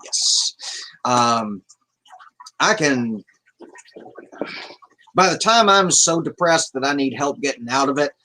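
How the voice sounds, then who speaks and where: A man's voice: mid-range voice, lively intonation, slow, long pauses, sharp tone, a little hiss or hum, poor audio. A man hosting a casual livestream, rambling as he reads out chat messages and swears offhandedly. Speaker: livestream host.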